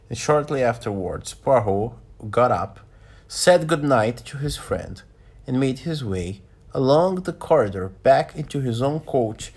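A man's voice: mid-range voice, slightly rough. A man reading a novel aloud, often stopping to comment and restate what he just read. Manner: stops to comment and restates lines.

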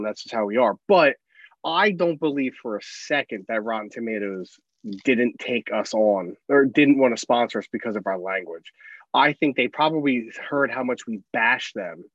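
A man in a mid-range voice rants bluntly and swears freely in casual podcast talk. His sound is a little dull and lo-fi, and it is dry with no room echo. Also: mid-range voice. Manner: blunt, profane, ranting. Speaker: podcast co-host. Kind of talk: casual movie podcast chat.

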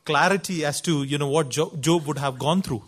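A man's voice: a little high, moderate pace. A man preacher giving a sermon, telling a story in an earnest, emphatic way.

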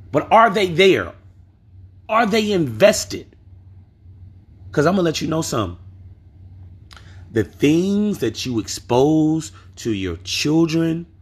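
A man's voice: mid-range voice, husky. A man hosting a podcast, telling a story in a casual monologue and pressing his point with rhetorical questions. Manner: emphatic, asks rhetorical questions. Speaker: podcast host.

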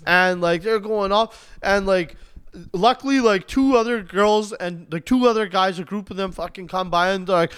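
A young man chats casually on a podcast, swearing freely as he tells stories and mimics the people in them. His voice sits high and comes across smooth and clear. The sound is dry and close. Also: normal speed, a bit bright, dry recording. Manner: profane storytelling, acts out quotes. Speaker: podcast co-host. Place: outdoor porch.

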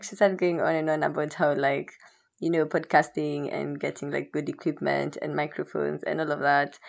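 Low, gravelly young woman. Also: normal speed. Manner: candid, rambling, swears freely. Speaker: podcast host. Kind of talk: casual solo podcast chat.

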